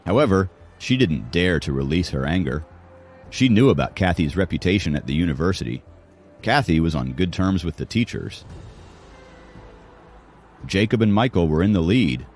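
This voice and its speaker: A man's voice: sits low, lively intonation, moderate pace, long pauses, a little mellow, soft background music. A man narrating an audiobook in a dramatic storytelling manner. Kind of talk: scripted narration.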